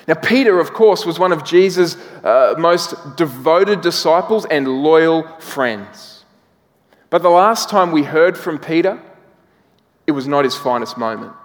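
A man preaching a sermon as pastor, telling a story and slowing down, dropping soft for emphasis. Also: high-pitched, in a large hall. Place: church hall.

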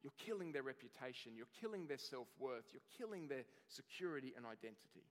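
A man's voice: medium pitch, very animated, fairly quick, in a large hall. A man, perhaps in his thirties, preaching a sermon earnestly and building emphasis through long lists. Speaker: pastor.

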